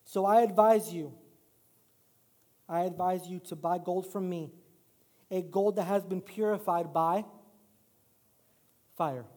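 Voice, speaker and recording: High-voiced pastor preaching in a reverberant hall. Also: male voice, slow, long pauses, mellow. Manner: casual, self-deprecating storytelling with rising preaching emphasis. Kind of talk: sermon. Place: church sanctuary.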